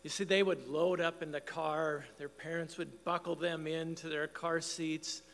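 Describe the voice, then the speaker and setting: Brief: older man, pastor, gravelly, slightly high voice, long church-hall reverb. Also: flat delivery, unhurried. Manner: storytelling, warm and folksy. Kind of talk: sermon.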